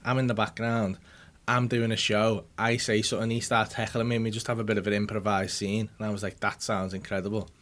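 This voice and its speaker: A man's voice: fairly low pitch, fairly quick. A man hosting a podcast, telling a sweary story and acting out the other people's lines. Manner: animated, sweary anecdote-telling, acts out quotes. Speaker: comedian and podcast host. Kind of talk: casual storytelling with a studio audience. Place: podcast studio with live audience.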